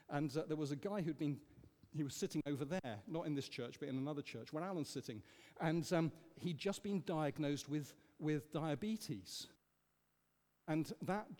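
A man leading an interactive sermon, questioning the congregation in an animated, emphatic way. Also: fairly high pitch. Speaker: preacher leading a Bible study. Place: church. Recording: echoey church hall.

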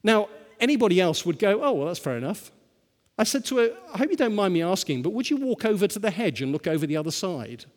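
A man's voice: sits high, lively intonation, quick pace, hardly any pauses. A male pastor preaching a sermon and telling stories, often asking the listeners rhetorical questions. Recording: long hall reverb.

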